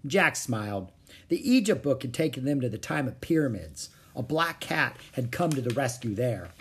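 A husky-voiced man reads a children's story aloud at a moderate pitch. His intonation rises and falls expressively across every sentence, keeping the storybook narration lively. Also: moderate pace. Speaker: audiobook narrator.

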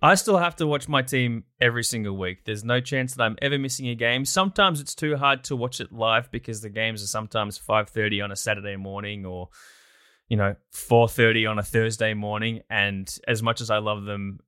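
A man's voice: on the low side, fairly quick, bright, forceful tone, clean tone, no room sound, studio quality. An Australian man chatting enthusiastically as a guest in a casual interview. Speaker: guest, documentary producer.

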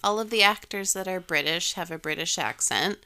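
Bright, low-pitched podcast woman. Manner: matter-of-fact, quick to correct. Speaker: podcast co-host. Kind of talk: casual chat.

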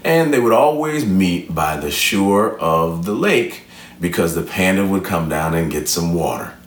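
A low-voiced man tells a story and turns it into an earnest, uplifting lesson, his pitch rising and falling widely. He sounds preacherly, and he is heard from a distance in a room with a noticeable echo. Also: expressive, a little slow. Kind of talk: motivational storytelling talk.

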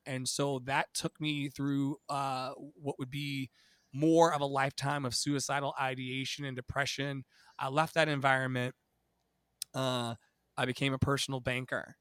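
A man in his thirties from Virginia with a bright, forceful voice, telling his story as a podcast guest. He is dramatic and animated, and he swears freely. The sound is dry and close. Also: medium pitch, no echo. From Virginia, USA. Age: 30s. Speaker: podcast guest, Broadway singer. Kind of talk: storytelling interview.

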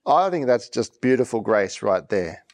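A man's voice: mid-range voice, sing-song, moderate pace, a little mellow. Male pastor, mid-range voice, conversational sermon delivery that repeats and restarts lines. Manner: conversational preaching, often repeating and restarting phrases.

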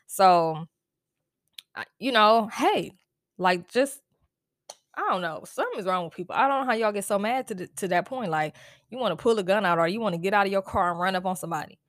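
A woman's voice: mid-range voice, expressive, a little fast, no echo, clean studio sound. Blunt, exasperated woman podcast host. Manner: blunt, exasperated, profane, with frequent "like" fillers. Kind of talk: casual solo podcast rant.

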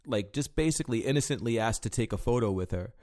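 Quick and lively in intonation, with a medium-pitched, slightly mellow voice, a man casually rambles through tales of bouncing at a bar. His talk is thick with fillers and he curses freely.

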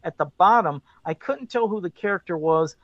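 A podcast co-host telling stories in fast, excitable and sweary casual chat. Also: mid-range voice, no echo. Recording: dry, dull lo-fi podcast audio.

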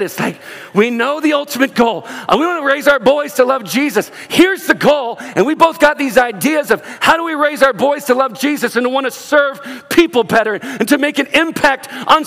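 A man with a notably high voice preaches a lively sermon to his church. He shifts his tone to act out the people he quotes. His words ring out with the long reverb of a large hall. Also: creaky. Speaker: pastor.

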